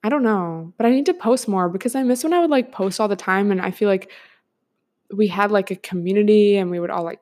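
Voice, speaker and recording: Hosting a solo podcast, a woman in her twenties speaks at medium pitch. Her talk is casual and rambling, full of filler words and frequent laughter.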